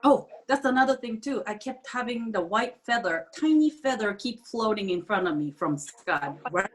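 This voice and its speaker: A woman telling a personal story in a casual group chat, halting and often restarting her sentences, with non-standard grammar. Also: mid-range voice, lively intonation. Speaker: group participant sharing a story.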